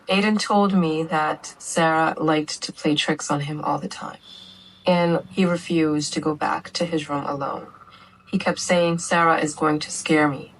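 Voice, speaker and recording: Low-voiced woman recounting her story earnestly. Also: rough recording. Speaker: mother telling her family's story. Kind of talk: documentary interview testimony.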